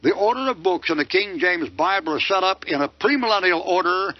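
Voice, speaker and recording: Combative preacher. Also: male voice, high voice, expressive, brisk, no echo. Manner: combative, rhetorical questions with mocking answers. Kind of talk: sermon lecture. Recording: dull lo-fi dry recording.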